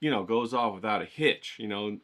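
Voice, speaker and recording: Joking rambly guy running his art channel, bright voice. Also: fairly low pitch, a little fast. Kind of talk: casual vlog talk with drawing tips.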